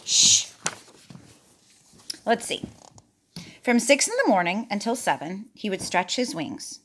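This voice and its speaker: A woman reads a picture book aloud to a child at a moderate pace, her medium-pitched voice expressive. She's chatty and playful, pausing to talk about the pictures.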